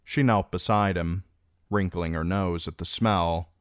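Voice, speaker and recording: Deep slow guy reading fantasy audiobook, lively tone, dry sound. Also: no echo. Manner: measured, expressive. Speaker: audiobook reader. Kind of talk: audiobook narration.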